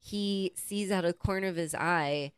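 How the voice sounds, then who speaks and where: A woman co-hosting a casual podcast, telling lively stories, acting out other people's lines and laughing often. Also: lowish voice, normal speed, smooth, no echo, clean studio sound. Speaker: podcast co-host. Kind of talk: casual chat.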